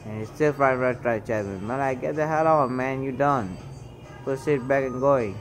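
Faint music plays behind a store cashier as he angrily comments on security footage, indignant and heated, throwing out names at the people on screen. He speaks in a mid-range voice at a moderate pace.

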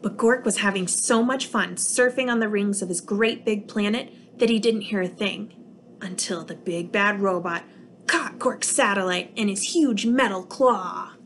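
A preschool teacher reads a picture book aloud to young children, telling the story with plenty of expression. Her voice sits at a middle pitch. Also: measured pace, slight background noise.

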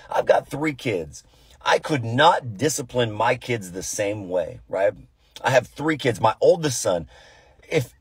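A man in his thirties, a pastor giving a devotional talk, telling stories with animated, acted-out voices. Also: fairly low pitch, slightly rough, no room sound. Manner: animated storytelling, acting out voices. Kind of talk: devotional sermon.

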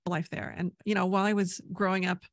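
Brief: woman raised in Canada, podcast guest, gravelly voice, chatty storyteller with lots of "right?", dry close sound. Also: fairly low pitch, flat delivery, quick pace, dry recording. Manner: rambling storyteller, many "right?" tags. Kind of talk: casual interview chat.

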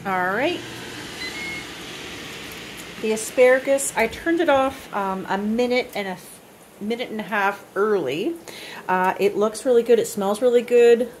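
A woman's voice: on the high side, measured pace, long pauses, slight background noise. A woman in a casual home cooking vlog, chatting and praising her own food while she eats on camera. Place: home kitchen.

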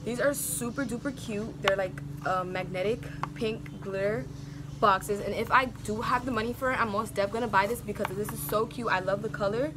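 A woman vlogging on her phone outdoors at home, chatty, excitable and full of slang. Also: medium pitch, normal speed. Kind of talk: casual vlog chat. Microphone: phone camera. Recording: clear outdoor background noise. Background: neighbors' music, outdoor ambience.

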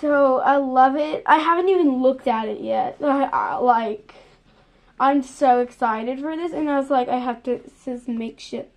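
A young woman filming a casual unboxing vlog, gushing and excitable, piling up "literally" and "so excited". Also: sits high, moderate pace. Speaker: vlogger.

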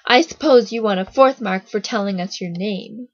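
A twelve-year-old boy, firm and exasperated at being cheated, as a woman reads him from a storybook. Her voice is breathy and husky, close and dry, the recording a little dull. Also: mid-range voice, normal speed, no room sound, natural voice.

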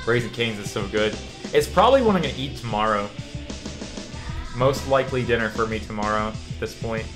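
Over music, a young man from Louisiana talks briskly in a lowish voice to his stream viewers. His casual, rambling chat answers their questions, stays relaxed, and is thick with "like."

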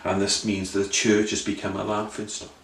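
A man's voice: fairly low pitch, completely flat delivery, normal speed. A man preaching an earnest sermon full of rhetorical questions and repeated phrases. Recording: roomy sound, voice from a distance.

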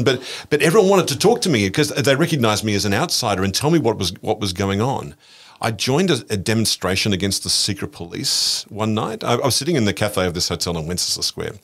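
An older man with an Australian accent, a podcast guest recounting travel stories in an animated way, acting out other people's voices. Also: fairly low pitch. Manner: animated, acts out voices in anecdotes, frequent restarts. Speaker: interview guest. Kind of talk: storytelling interview.

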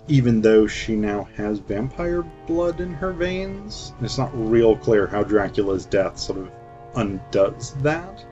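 A man talks through an old film in a loose, flippant review, full of "um" and "like". The recording is dull and lo-fi, with faint music under him. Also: fairly low pitch. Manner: flippant, chatty, with many fillers. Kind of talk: casual film commentary.

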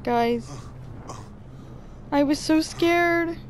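A young woman giving excitable let's-play commentary, gasping and repeating herself. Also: high voice, drawn-out words. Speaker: gaming streamer.

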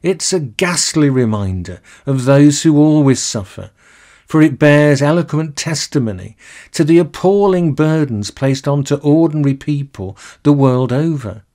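Measured male minister delivering a sermon. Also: fairly high pitch, expressive, warm tone. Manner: measured, deliberate, slows to linger on key phrases. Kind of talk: recorded sermon.

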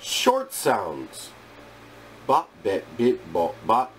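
A man leads a phonics drill, pronouncing each sound and word on its own at an extremely slow, measured pace. His voice sits in a middle pitch, and a faint hum of room noise lies under it. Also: sing-song, a little mellow. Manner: deliberate, clipped word-by-word recitation. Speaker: English teacher.

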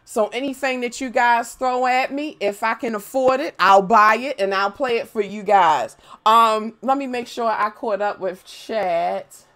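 A young woman live-streaming a game, chatting casually with viewers, playful and profane, breaking into loud squeals when she greets people. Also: on the high side, measured pace, few pauses. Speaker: gaming streamer.

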